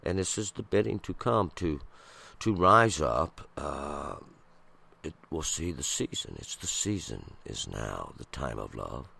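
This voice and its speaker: Slow gravelly deep-voiced man reading scripture. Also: animated, dry recording. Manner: slow, halting, with many restarts and pauses. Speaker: Bible commentator.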